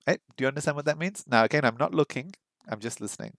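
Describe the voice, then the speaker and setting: A man's voice: fairly high pitch, racing, a bit bright, no echo. Chatty man thinking aloud, dry sound. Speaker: language learner streaming his practice. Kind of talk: casual livestream chat.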